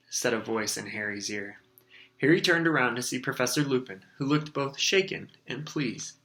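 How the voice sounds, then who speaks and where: A man reads a storybook aloud for his class, lively and expressive. His voice is bright and clear, in an ordinary middle pitch. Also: fairly quick.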